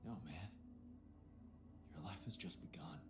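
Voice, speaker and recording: A calm, deep-voiced space engineer. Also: male voice, measured pace. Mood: reassuring. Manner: calm, reassuring explainer. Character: calm male space engineer who made his own clones. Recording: game audio with music behind.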